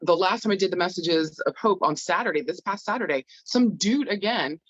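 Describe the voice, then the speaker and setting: Woman guest, deep voice, salty and unfiltered, lively ups and downs, dry lo-fi sound. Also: brisk, husky, no room sound. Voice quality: deep, low voice. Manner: blunt, profane and animated. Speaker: medium and guest. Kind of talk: casual chat.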